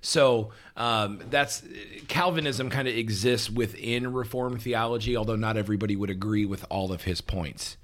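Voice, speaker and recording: A man co-hosting a relaxed talk show, explaining points patiently and checking in with "right?" between them. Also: fairly low pitch, moderate pace, hardly any pauses. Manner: relaxed, with frequent "um" and restarts, laughs easily. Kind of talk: casual teaching conversation.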